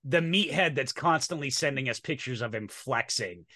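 A man's voice: mid-range voice, lively intonation, normal speed, pushed and bright, no room sound, studio quality. A man hosting a podcast in casual chat, upbeat and teasing. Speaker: podcast host.

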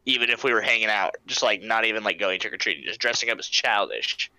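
A man's voice: on the low side, fast, pushed and bright, dry recording, poor audio. A young man hosting a podcast, chatting casually, laid-back, swearing and laughing often. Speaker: podcast host. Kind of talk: casual chat.

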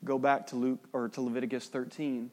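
Man preaching with loud-to-hushed swings. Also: medium pitch, level tone, brisk. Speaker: pastor. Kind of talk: sermon.

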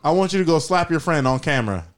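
A man's voice: on the high side, expressive, quick pace, noisy background. A man co-hosting a casual podcast stream, joking and egging the others on. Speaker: podcast co-host. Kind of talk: casual live-stream chat.

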